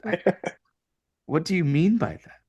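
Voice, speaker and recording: A man's voice: on the high side, animated, slow pace, dark tone, lo-fi sound. A man co-hosting a podcast in casual chat, laughing often and teasing the others. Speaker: guest co-host.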